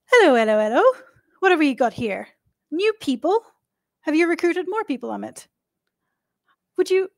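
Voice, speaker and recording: A woman's voice: sits high, big pitch swings, moderate pace, gravelly, long pauses, dry recording, studio quality, pitched above the performer's own voice, full character voice. A woman voicing a flustered male dragon disguised as a human baker, fussy and overeager as he fusses over his guests in a tabletop game. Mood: eager. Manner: fussy, chatty, overeager host.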